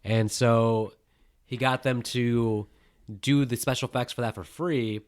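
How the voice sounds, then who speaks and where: A man's voice: mid-range voice, fairly even intonation, a little slow. A man co-hosting a casual movie review chat, rambling and correcting himself as he goes. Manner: rambling, self-correcting, teasing. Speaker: podcast co-host.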